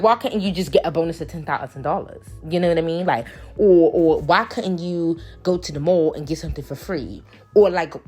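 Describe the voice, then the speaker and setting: A woman talking casually in a put-on British accent, rambling with lots of fillers as she does a nail tutorial. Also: low voice. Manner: rambling, filler-heavy, preachy asides. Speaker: nail artist.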